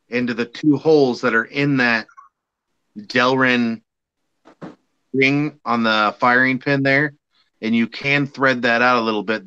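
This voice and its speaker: A man's voice: medium pitch, pushed and bright, clear, resonant tone. A man explaining vaping gear in a patient, step-by-step way during a casual chat, on a dull lo-fi recording.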